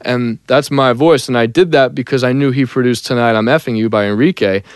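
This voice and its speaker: A young man, a songwriter and singer, telling a story in a casual interview, lively and animated, dropping into sung snippets. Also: mid-range voice, fairly quick, clear, resonant tone, dry recording, studio quality. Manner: animated, breaks into sung snippets and acted quotes.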